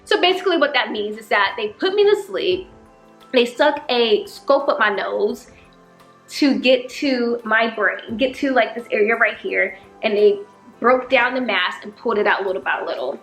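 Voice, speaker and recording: A young woman with a slight Southern country accent tells a personal story in a vlog, acting out the people in it with lively put-on voices. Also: a little high, normal speed. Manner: animated, acts out dialogue with exaggerated voices. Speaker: vlogger. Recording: echoey room with faint music.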